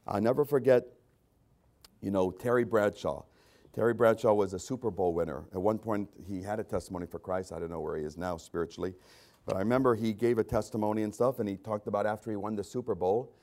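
A man's voice: lowish voice, vocal fry. Emphatic preaching man. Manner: swings between loud emphatic preaching and quiet conversational asides; repeats phrases for emphasis. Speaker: pastor. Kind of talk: sermon.

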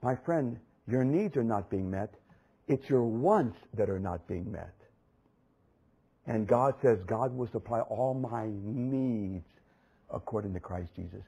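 A man's voice: lowish voice, slow pace, gravelly, dark tone, slightly rough, poor audio. A man preaching a sermon with impassioned, emphatic repetition.

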